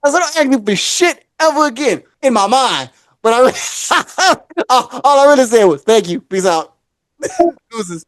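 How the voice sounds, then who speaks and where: A man's voice: extremely high pitch, big pitch swings, a little slow, no echo. A man co-hosting a podcast, spinning long stories in casual chat. He acts out every quote and laughs as he goes. His voice sits dry and close to the mic. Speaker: podcast co-host. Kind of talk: casual storytelling.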